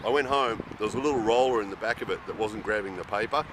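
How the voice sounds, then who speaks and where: A man's voice: fairly low pitch, fast. A man ranting in a casual vlog monologue, exasperated, sometimes mimicking the people he complains about. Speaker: vlogger living abroad. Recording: wind noise outdoors.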